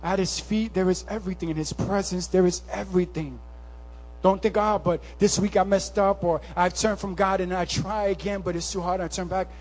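A man preaching a sermon, swinging from impassioned, near-shouted calls to hushed, conversational storytelling. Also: sits high, fairly even intonation, fairly quick. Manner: impassioned, rising to near-shouts, then softening to a hush; casual, conversational storytelling with slang.

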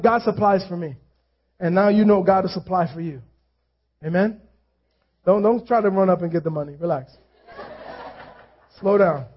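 High-voiced pastor preaching casually. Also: male voice. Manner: conversational preaching, self-deprecating asides, repeated phrases for emphasis. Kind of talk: sermon. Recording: dull lo-fi church recording.

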